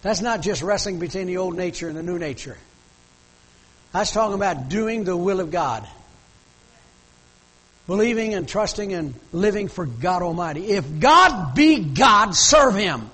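Husky high-voiced male preacher. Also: normal speed, pauses often, in a large hall, low-quality recording. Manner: fervent, pleading preaching. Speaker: pastor. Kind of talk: sermon.

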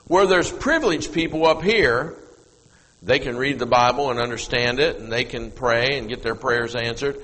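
A middle-aged man preaching a sermon as pastor, telling a story and moving from hushed asides to loud, emphatic peaks. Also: medium pitch, normal speed. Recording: long reverb of a church hall.

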